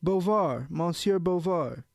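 A man's voice: fairly high pitch, normal speed, creaky, a little mellow, husky, dry recording, studio quality, exaggerated voice. A man voicing an earnest, slightly anxious male copy clerk in his forties. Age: 40s.

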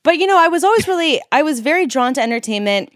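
A woman's voice: sits high, expressive, fast talker, no echo, studio quality. A young adult woman from San Francisco, a PR company founder, chatting expressively and laughing easily. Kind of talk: casual chat.

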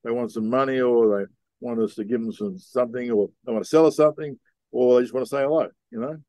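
Laid-back man, mellow voice. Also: mid-range voice, fairly even intonation, fast, no echo. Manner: laid-back, rambling, with Aussie slang. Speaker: podcast guest, sea captain. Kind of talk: casual storytelling.

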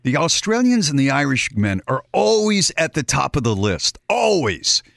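A man's voice: fairly high pitch, moderate pace, creaky, dry recording, studio quality. A man co-hosting a radio show, bantering and joking in casual talk. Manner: joking, teasing, lively delivery. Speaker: radio co-host.

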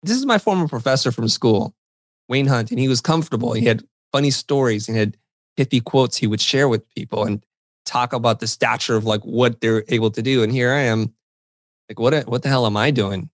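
Middle-aged man, interview guest, animated self-mocking storyteller, dry close sound, mid-pitched voice. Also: fairly quick, no room sound. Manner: animated, self-deprecating anecdotes with quoted dialogue. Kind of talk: conversational storytelling.

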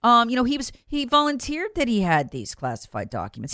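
A woman's voice: a little high, wildly swooping pitch, fairly quick, hardly any pauses, a bit bright, no echo, studio quality. A woman hosting a talk show, giving an emphatic, sarcastic political commentary monologue and repeating words for emphasis. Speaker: talk radio host.

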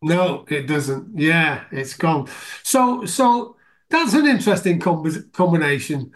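High-voiced Scottish-born male host. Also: big pitch swings, unhurried. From Scotland. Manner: chatty, enthusiastic, laughs often. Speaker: podcast host. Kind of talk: casual interview hosting.

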